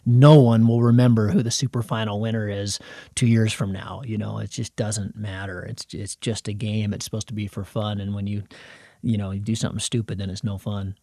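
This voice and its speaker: A man's voice: lowish voice, brisk, no echo. Rambling male podcast host, dry sound. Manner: rambling, animated storyteller with many fillers. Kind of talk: casual storytelling chat.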